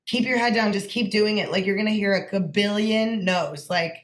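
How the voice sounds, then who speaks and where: A young woman, a songwriter guest, chatting in a casual interview, animated and swearing freely with lots of "like". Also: medium pitch, moderate pace.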